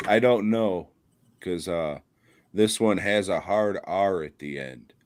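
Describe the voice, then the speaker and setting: This podcast co-host speaks slowly in a low voice, captured in a dry recording. In a casual chat, he rants bluntly with plenty of swearing and laughter.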